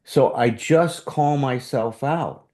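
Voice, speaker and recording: A man runs a relationship workshop in a conversational way, now and then performing examples of defensive speech. His medium-pitched voice is a little mellow, and he takes his time.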